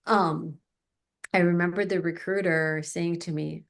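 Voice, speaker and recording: A woman's voice: lowish voice, unhurried, gravelly. A middle-aged woman, a guest in an interview, telling a personal story and acting out the people in it. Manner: animated, acts out the people in her stories.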